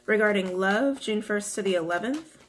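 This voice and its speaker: A woman's voice: mid-range voice, moderate pace, slight background noise. A woman giving a casual, chatty tarot reading to viewers, often repeating her questions to the cards. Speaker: tarot reader.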